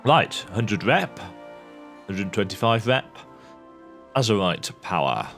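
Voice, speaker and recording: A man's voice: on the low side, sing-song, slow pace, creaky, fairly bright tone, faint music behind. A man chatting his way through a video game, thinking aloud and reading game text as he plays. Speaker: video game let's-player. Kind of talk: casual gameplay commentary.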